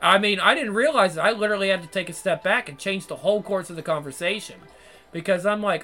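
A man's voice: high voice, fast, sharp tone, soft background music. Exasperated man ranting and swearing. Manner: crude, repetitive, exasperated, swears constantly. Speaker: vlogger. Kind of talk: profane monologue rant to viewers.

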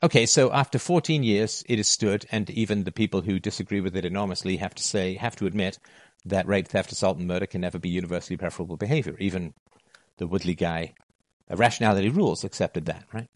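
A middle-aged man speaks in a lowish voice, delivering an emphatic monologue to his listeners. He drives points home by repeating key phrases. The sound is close and dry. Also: fast, no room sound. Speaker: philosophy talk host.

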